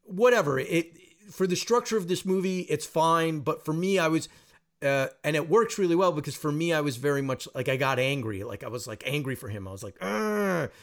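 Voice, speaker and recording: A man's voice: fairly high pitch, fairly quick. A man hosting a casual podcast, talking through a film in a rambling, self-deprecating way. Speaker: podcast host.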